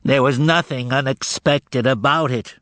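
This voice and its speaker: A man voicing a blunt, deadpan male hitman in an audiobook. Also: medium pitch, a little slow, no echo, voice pushed up, close to an everyday voice. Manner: terse, deadpan. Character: blunt, cold male hitman, matter-of-fact. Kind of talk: audiobook character voice.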